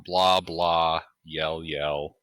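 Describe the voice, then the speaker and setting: A man narrating as game master in a tabletop game, relaxed with frequent fillers. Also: extremely low pitch, drawn-out words, clean tone, no room sound, rough recording.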